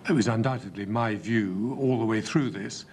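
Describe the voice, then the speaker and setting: Measured man testifying formally. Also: fairly low pitch, darkish tone, a little hiss or hum. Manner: measured, deliberate, with frequent hesitations. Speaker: inquiry witness.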